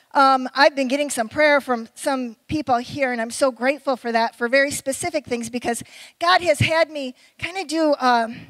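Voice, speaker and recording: Middle-aged woman preacher, conversational sermon style, high-pitched, dry sound. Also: no room sound, low-quality recording. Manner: conversational, with quick asides and questions to the audience.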